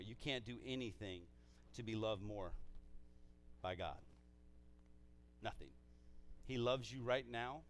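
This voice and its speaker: A man pastor preaching a sermon in a church, casual and energetic, with frequent restarts. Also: fairly low pitch, slow, pauses often, a little hiss or hum. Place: church sanctuary.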